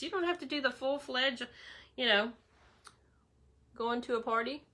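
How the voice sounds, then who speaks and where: A woman's voice: high voice, unhurried, pauses often, bright, forceful tone. A woman giving a chatty makeup tutorial, talking straight to her viewers. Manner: chatty, addresses viewers as y'all. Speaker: makeup demonstrator.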